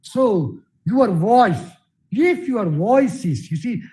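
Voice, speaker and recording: A man's voice: high voice, big pitch swings, slow, dark tone, poor audio. A middle-aged man giving a workshop lecture on voice training, repeating his phrases and often saying "you see". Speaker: guest speaker, theatre director and English professor.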